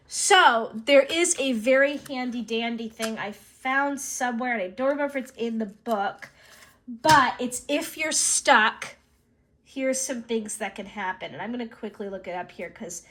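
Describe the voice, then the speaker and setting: A woman's voice: on the high side, a bit bright. A woman casually narrating her solo tabletop role-play, giggly and self-conscious, rambling as she thinks aloud.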